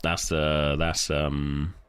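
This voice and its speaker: A man's voice: little pitch movement, drawn-out words, a bit bright, clean tone. A man hosting a livestream, ranting angrily and swearing heavily. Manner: angry, swearing heavily, voice jumping in pitch. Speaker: livestream host. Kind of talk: heated livestream rant.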